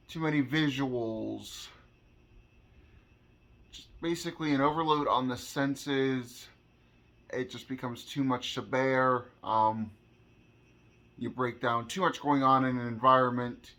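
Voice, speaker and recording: A man talking earnestly from his own experience in a vlog, halting and repeating words as he searches for how to say things. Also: mid-range voice, a bit bright. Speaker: vlogger. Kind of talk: personal explainer monologue.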